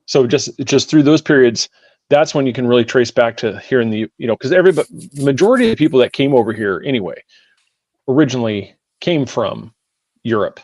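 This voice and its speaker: A middle-aged man co-hosting a podcast, explaining history in halting, rambling stretches. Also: medium pitch, expressive, darkish tone, no room sound. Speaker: podcast co-host. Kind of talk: casual podcast chat.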